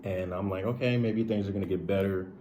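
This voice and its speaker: A young man with a lowish voice talks straight to his audience, candid and confiding. His story rambles, padded with "like" and checking in with "right?". It is loose, unscripted vlog storytelling. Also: steady tone, quick pace, warm tone, slight background noise. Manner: rambling, heavy use of "like" and "right?". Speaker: streamer and video creator. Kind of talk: casual personal storytelling to camera.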